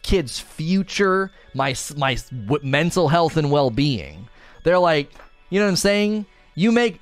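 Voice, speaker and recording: A man's voice: on the high side, no echo. A man streamer in a heated, defensive monologue, repeating himself as he vents. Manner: indignant, defensive, repetitive. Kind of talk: ranting monologue.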